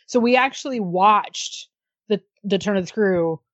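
Relaxed woman in casual chat. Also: medium pitch, a little slow, no room sound. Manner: relaxed, agreeable, many short backchannels. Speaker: podcast co-host. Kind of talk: casual chat about a TV series. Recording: dull lo-fi dry sound.

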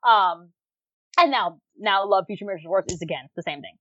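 A woman co-hosting a podcast in casual chat, animated, with lots of fillers and frequent laughter. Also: mid-range voice, a little fast, no room sound, lo-fi sound. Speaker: podcast co-host reviewing dramas.

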